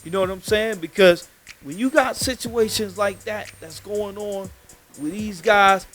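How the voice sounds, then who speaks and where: A man's voice: high-pitched, measured pace, a bit bright, faint music behind. A man, telling a heated story on a live podcast from a studio and swearing often.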